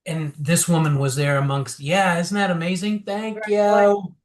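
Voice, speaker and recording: A high-pitched man speaking a little slowly tells his recovery story candidly as a guest in an interview. He animates it by acting out what people said, often restarting and using lots of fillers.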